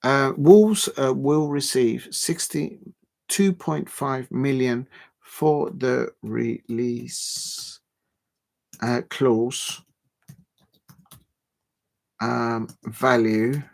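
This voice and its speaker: A man hosting a football livestream in casual chat, rambling and halting with many fillers and frequent chuckles. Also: medium pitch, vocal fry, darkish tone.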